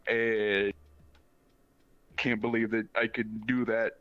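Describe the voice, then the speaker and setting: A man's voice: lowish voice, level tone, slow pace, no echo. Young man rambling, muffled sound. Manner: rambling, many fillers and restarts. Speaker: guest streamer. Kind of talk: casual chat.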